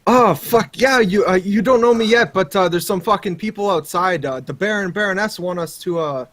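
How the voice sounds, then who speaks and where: A man's voice: sits high, moderate pace, fairly bright tone, no room sound, pitched above the performer's own voice. A man voicing a rowdy, constantly swearing adventurer with an exaggerated Canadian accent in a tabletop game. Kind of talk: tabletop role-play.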